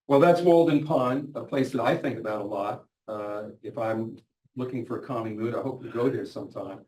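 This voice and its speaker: A man's voice: medium pitch, moderate pace, darkish tone. Middle-aged man lecturing in an echoey hall. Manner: earnest, retells patients' words in their voices. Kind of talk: lecture with quoted patient stories. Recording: echoey hall, mic at a distance, faint noise.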